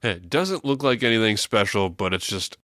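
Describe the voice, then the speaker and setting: A man co-hosting a podcast, reacting to a film recap with profane comments and quick laughs. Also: on the low side, animated, pushed and bright, no echo, studio quality. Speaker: podcast co-host. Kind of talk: casual movie discussion.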